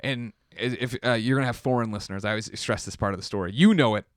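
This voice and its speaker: A man from the Chicago area, a podcast guest telling a long personal story in a casual, animated way, acting out the voices of the people in it and swearing freely. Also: fairly low pitch, quick pace, no room sound, clean studio sound. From Chicago area, USA.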